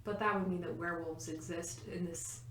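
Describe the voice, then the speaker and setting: A woman's voice: fairly low pitch, steady tone, fairly quick, a bit bright, slight background noise. A woman co-hosting a podcast in casual chat, explaining at length with lots of "like" and frequent laughs. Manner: chatty, laughs often, fills with "like". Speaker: podcast co-host, quizmaster. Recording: roomy echo.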